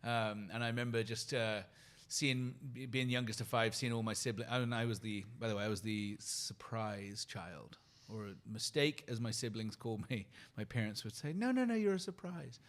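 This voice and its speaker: Earnest British man, slow reflective pauses. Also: fairly low pitch, steady tone, fairly bright tone. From United Kingdom. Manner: earnest, lists thoughts slowly with pauses. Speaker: guest, company leader and keynote speaker. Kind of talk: reflective conversational storytelling.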